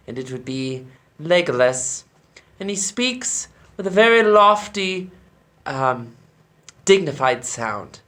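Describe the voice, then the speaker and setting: A man's voice: a little high, fairly bright tone. A man who directs a church choir, explaining vocal technique in a tutorial and demonstrating the sounds with his own voice.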